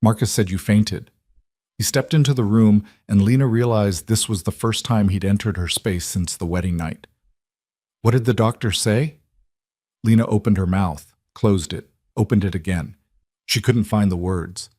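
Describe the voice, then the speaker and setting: A man giving measured, scripted audiobook narration of a romance story. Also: on the low side, warm tone, no echo, clean studio sound.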